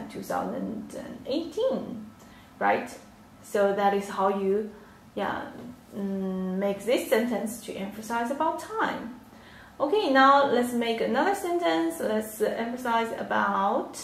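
A woman teaching a livestream language lesson, explaining slowly and patiently with many fillers. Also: mid-range voice, creaky, a little hiss or hum. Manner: slow, patient explaining with frequent yeah and fillers. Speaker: Chinese teacher. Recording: roomy echo, a little off mic.

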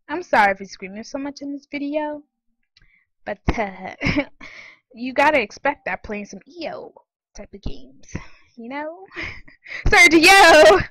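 A woman giving casual, excitable commentary while playing online games, often giggling and squealing. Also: a little high, husky, no room sound, poor audio. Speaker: gaming channel host.

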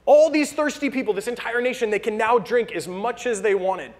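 A man's voice: very high voice, fairly quick. A young American man preaching a sermon in a casual storytelling way, acting out the people he quotes. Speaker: pastor.

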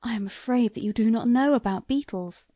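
A woman voicing a shrewd, eager older lord who questions a visitor in a courteous, soft-spoken way. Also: fairly high pitch, fairly quick, dry recording, studio quality, natural voice.

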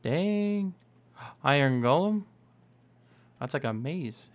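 Young male gaming host, bright chatty commentary, voice sits a little high. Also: moderate pace. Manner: upbeat, chatty, exclaims often. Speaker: Minecraft let's play host. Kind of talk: casual gameplay commentary.

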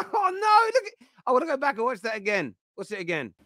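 A man's voice: very high voice, huge pitch swings, a little fast, bright, forceful tone, no room sound, studio quality. A man hosting a football reaction show, mocking the clips and laughing often. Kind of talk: casual reaction chat.

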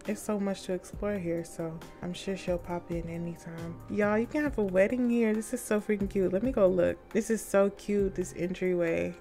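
A young woman giving casual, excitable commentary while exploring a game, chatting to her viewers in slangy, upbeat talk. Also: mid-range voice, normal speed, few pauses, soft background music. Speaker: gaming YouTuber.

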